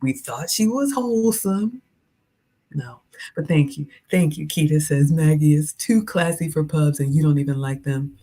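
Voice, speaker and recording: A woman's voice: deep voice, steady tone, normal speed, dark tone. A middle-aged woman from the American South with a Southern accent, chatting casually with her viewers on a livestream and reading out their comments in a playful way. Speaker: cooking and lifestyle livestreamer.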